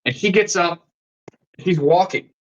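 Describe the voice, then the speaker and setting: Young male podcast guest from the Midwest, pitched a touch high; loose, sweary, rambling storyteller. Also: measured pace, dull audio. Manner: profane and rambling, heavy use of "like". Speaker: podcast guest, fitness coach. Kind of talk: casual storytelling in a podcast interview.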